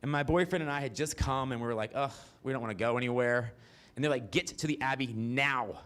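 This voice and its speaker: A man in his forties tells stories on a theater stage, brash and profane, his voice jumping into high squeals at the big moments. His pitch sits in a middle range, neither deep nor high. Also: a little fast, fairly bright tone, clean tone. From American South. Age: 40s. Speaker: stand-up storyteller. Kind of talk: stand-up comedy storytelling.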